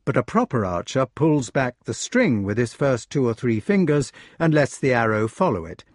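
A man narrates a storybook with an expressive, animated lilt. His voice has a gentle huskiness. The recording is close-miked and dry. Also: mid-range voice, normal speed, no echo. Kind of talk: audiobook narration.

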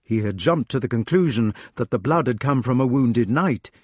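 A man's voice: medium pitch, animated, normal speed, no room sound. A man reading a novel aloud as an audiobook narrator, telling the story expressively. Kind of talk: scripted narration.

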